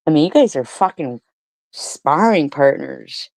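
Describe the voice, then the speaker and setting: Her voice sits low, creaky and a little mellow, expressive yet unhurried, with no echo. As a commentary streamer, she reads comments aloud and rants back at critics, swearing, mocking, and posing sarcastic rhetorical questions.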